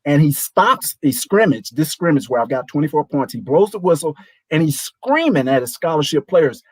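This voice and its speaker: A man in his sixties, a show guest, telling a lively anecdote and acting out the voices of people in it. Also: fairly high pitch, normal speed, slightly rough, dry recording, rough recording. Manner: animated, acts out quoted voices. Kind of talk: storytelling anecdote.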